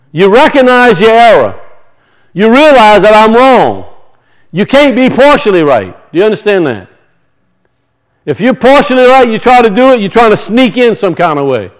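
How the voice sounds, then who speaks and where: A man's voice: sits high, rough recording. A man preaching a sermon, teaching from scripture and emphatically asking and answering his own questions.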